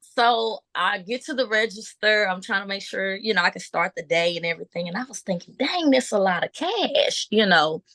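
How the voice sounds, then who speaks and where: A middle-aged woman from Buffalo, New York, a business owner telling her story in a casual interview, with lots of ums and restarts and lively acted-out quotes. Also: medium pitch, a little fast, hardly any pauses, dry recording. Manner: animated storyteller, acts out quotes, laughs often; frequent um fillers and restarts.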